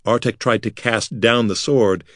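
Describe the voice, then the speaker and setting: A man narrating a fantasy audiobook in a measured, dramatic way. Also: mid-range voice, fairly even intonation, dry recording, studio quality. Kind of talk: scripted narration.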